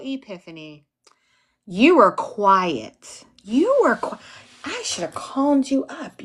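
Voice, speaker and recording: A woman's voice: mid-range voice, sing-song, slow, a bit bright. A tired woman in her forties, an instructor chatting casually and goofily with livestream viewers, reading their names and laughing often. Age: 40s. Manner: goofy, giggly, talks to chat by name.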